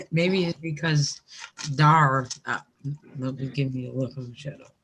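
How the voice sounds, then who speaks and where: A woman's voice: very deep voice, slow pace, a bit bright. A woman in casual group chat, talking freely, swearing and laughing often.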